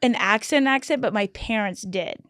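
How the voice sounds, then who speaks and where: A woman from Kentucky with a faint Southern American accent, a comedian guest in casual chat, talking quickly and laughing easily. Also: medium pitch, fairly bright tone, no echo, clean studio sound. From Kentucky, USA.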